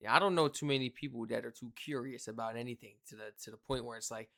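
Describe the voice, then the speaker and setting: A young man from the United States giving casual, slangy reaction commentary, talking in an animated, exclaiming way. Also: medium pitch, fast. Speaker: reaction video host.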